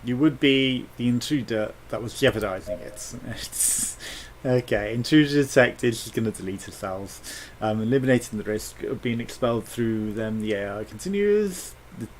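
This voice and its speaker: A man's voice: mid-range voice, a little hiss or hum. A British man commentating a space game, reading its text aloud with jokes and swearing. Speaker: let's play host.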